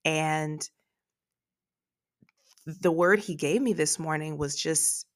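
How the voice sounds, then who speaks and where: Woman, podcast preacher, slow unhurried delivery, lowish voice, tearful, prays aloud. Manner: slow, emotional, prays aloud between points. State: tearful, emotional. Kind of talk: devotional sermon podcast.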